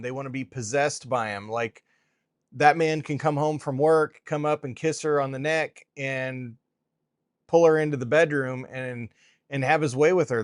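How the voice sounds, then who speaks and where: Man, host, preaching commentary, emphatic, repeats for stress, mid pitch, dry close sound. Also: no room sound.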